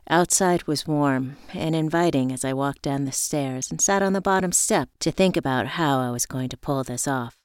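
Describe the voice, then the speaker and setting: A woman narrating a first-person story in a reflective, measured way. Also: low voice, clear, resonant tone, dry recording, studio quality.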